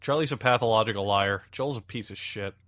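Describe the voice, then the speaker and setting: Man, podcast co-host, bright tense voice, crude teasing, dry sound. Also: fairly low pitch, a little fast, dry recording. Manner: crude, mocking banter. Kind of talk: casual chat.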